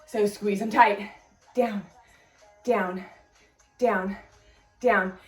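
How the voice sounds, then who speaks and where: A woman's voice: mid-range voice, steady tone, very slow, reverberant, far from the mic, soft background music. A woman fitness instructor leading a guided workout, cueing form and counting reps in an encouraging way, a little out of breath.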